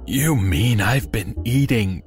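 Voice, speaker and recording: A man's voice: on the low side, slow, faint music behind. A man voicing a frightened captive man who begs and pleads in a horror audio story. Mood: scared pleading. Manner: pleading, panicky.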